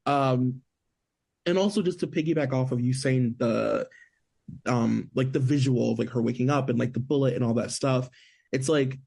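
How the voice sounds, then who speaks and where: A man's voice: medium pitch, normal speed, creaky, darkish tone, husky. A man co-hosting a podcast, chatting loosely about a film and leaning on "like" a lot. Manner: chatty, heavy on filler "like". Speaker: podcast co-host. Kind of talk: casual movie review chat.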